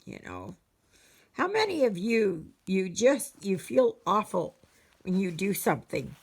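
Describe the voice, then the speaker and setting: A woman's voice: medium pitch, huge pitch swings, unhurried, gravelly, slightly rough. A Canadian woman chatting casually to her viewers as a cross-stitch vlogger, rambling and storytelling with many fillers.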